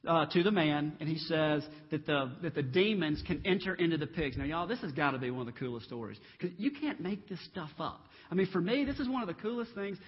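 A man preaching a lively sermon, acting out the voices in the Bible stories as he retells them. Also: fairly high pitch, a little fast, few pauses, breathy edge. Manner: animated storytelling, acts out Bible voices. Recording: dull reverberant hall.

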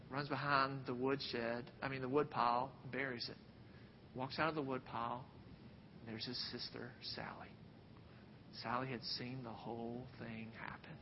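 Animated male preacher in a reverberant hall. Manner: animated, swings from loud bursts to hushed near-whispers. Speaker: pastor. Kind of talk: sermon with storytelling. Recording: dull sound with long hall reverb, faint rumble.

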